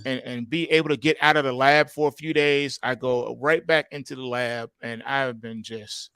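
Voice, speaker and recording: A man's voice: mid-range voice, fairly even intonation, moderate pace, pushed and bright, smooth, dry recording, studio quality. A man co-hosting a casual livestream, laid-back and friendly, calling people man and brother. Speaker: co-host.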